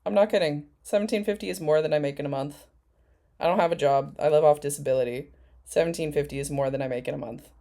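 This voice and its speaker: A woman with a low voice talks over clips in a mocking, profane way. Her commentary is sarcastic and blunt. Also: fast talker, dark tone. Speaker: commentary YouTuber. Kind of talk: reaction commentary.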